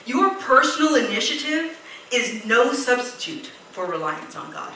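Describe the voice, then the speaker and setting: Woman pastor, animated sermon delivery, higher voice, recorded in a very echoey hall. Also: measured pace, a little hiss or hum. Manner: animated storytelling with quoted voices. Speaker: preacher. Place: church hall. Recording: echoey church hall, distant mic.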